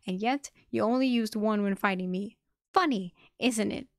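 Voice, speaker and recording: A woman voicing an angry young man who loudly accuses a rival in an audiobook reading. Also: medium pitch, moderate pace, no room sound, clean studio sound, lightly acted. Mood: accusing. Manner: intense, accusing, loud.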